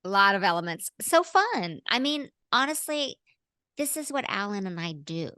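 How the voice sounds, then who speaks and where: Smooth-voiced bubbly woman. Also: medium pitch, sing-song, normal speed, pushed and bright, no room sound, clean studio sound. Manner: bubbly, laughing, jumps into playful voices. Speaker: actress guest. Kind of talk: casual interview chat.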